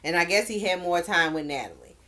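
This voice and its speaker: A woman's voice: lowish voice, a little fast, sharp tone. A woman recapping a dating show in a casual vlog, blunt and exclaiming, with slangy asides. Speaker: show reviewer.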